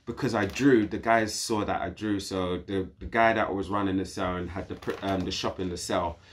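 A man with a British accent, a podcast guest telling a story in casual conversation, slangy and animated. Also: sits low, moderate pace, a little hiss or hum. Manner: animated, slangy, acts out quoted voices.

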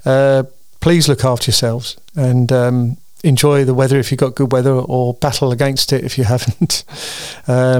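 A man's voice: mid-range voice, a little mellow, no echo, clean studio sound. A tired man hosting his weekly solo show, chatting in a meandering way with frequent ums and restarts. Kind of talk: casual rambling monologue.

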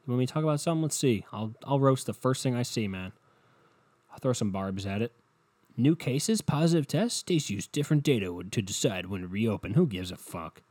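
A man's voice: mid-range voice, animated, brisk, darkish tone, dry recording. A young man hosting a solo podcast, rambling in a profane, sarcastic, offhand way. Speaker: podcast host. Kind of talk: casual solo podcast rant.

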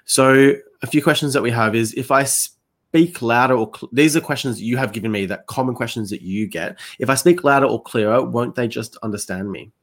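A host runs a live online class, pausing and restarting as they read out the audience's questions. The voice has a medium pitch, and the delivery is informal. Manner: reads out audience questions, with hesitant fillers.

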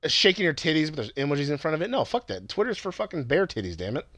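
A man's voice: on the high side, very animated, fast, fairly bright tone, no room sound. A man co-hosting a podcast, joking loosely and swearing a lot in casual banter. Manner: loose, swearing, jokey, rambling. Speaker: podcast co-host.

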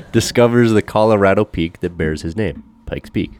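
A man's voice: fairly low pitch, a little mellow. A man chatting casually as a podcast co-host, trading profane jokes about history. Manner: profane, joking, quick history asides with silly voices. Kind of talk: casual chat.

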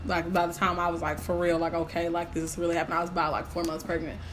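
A woman's voice: on the low side, rapid-fire, a little hiss or hum. A young woman talking as a guest, telling her story animatedly and acting out what people said. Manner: animated storytelling, acts out quotes. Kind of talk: casual chat.

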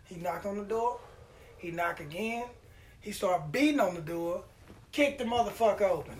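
Animated, profane man with a high voice. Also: normal speed, slight background noise. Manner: profane, animated storytelling with acted-out quotes. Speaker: podcast host. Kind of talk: casual storytelling chat.

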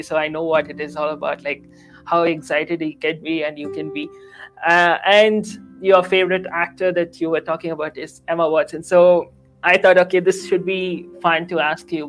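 Rambling interview host. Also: male voice, a little high, fairly bright tone, rough recording. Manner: rambling, searching for words, fillers. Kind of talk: casual interview questions.

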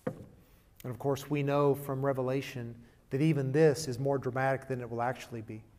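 A man preaching a sermon and reading a storybook passage aloud, swinging from hushed to loud and emphatic. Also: medium pitch, little pitch movement, normal speed.

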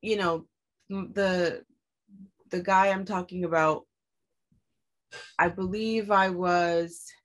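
A young woman with a slightly low voice recounts a painful story from her past in relaxed conversation. She swears freely and shoots her pitch up whenever she acts out what she said back then. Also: slow pace, long pauses. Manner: candid and profane, acts out her own quoted lines with sharp rises in pitch. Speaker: guest telling her story.

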